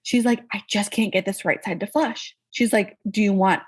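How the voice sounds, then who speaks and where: Woman guest, husky voice, lively storyteller who mimics quoted people. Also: normal speed. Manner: animated, acts out quoted people with pitch jumps. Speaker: podcast guest. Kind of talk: casual conversational storytelling.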